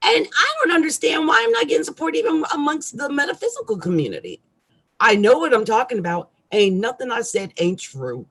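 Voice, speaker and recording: A middle-aged woman astrologer ranting irritably on a live stream, with loud outbursts and quiet asides. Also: high voice, sing-song, a little fast, slightly rough.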